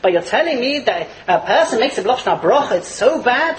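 A man teaching a Torah class in a lively lecture, chuckling as he explains and mixing Hebrew and Yiddish terms into his English. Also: very high-pitched, brisk, background noise. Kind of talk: animated religious lecture.

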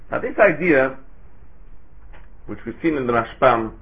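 A man giving a Torah sermon, asking rhetorical questions and chanting Hebrew phrases in a lilting way. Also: medium pitch. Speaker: rabbi giving a Torah talk. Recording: tinny phone-like recording.

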